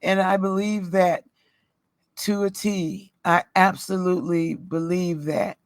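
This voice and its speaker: A middle-aged woman telling a personal story in a casual storytime vlog, rambling and halting, often breaking into laughter. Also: lowish voice, flat delivery, no echo. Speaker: roadside assistance worker.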